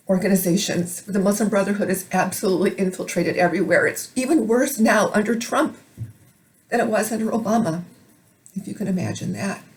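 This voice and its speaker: A woman from Minnesota delivering an emotional, urgent monologue to camera for her video blog. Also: medium pitch. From Minnesota, United States. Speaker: video blogger.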